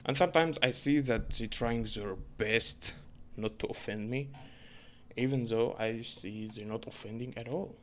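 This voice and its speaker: A young man from Egypt, telling a story in a casual, profane, rambling rant full of fillers and quick bursts. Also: mid-range voice, a bit bright, a little hiss or hum.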